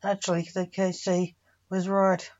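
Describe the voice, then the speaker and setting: Woman reading a story out, slow, kinda muffled. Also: medium pitch, flat delivery, a little mellow. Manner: plain, unhurried reading. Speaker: narrator. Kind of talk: storybook narration. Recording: dull lo-fi recording.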